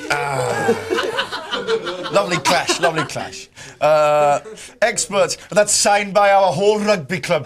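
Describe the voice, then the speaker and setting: A man's voice: high-pitched, expressive, slow, very noisy. A man presenting a breakfast TV show, mocking the gossip pages in a chatty, jokey way and laughing through his lines. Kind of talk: jokey review of the newspapers.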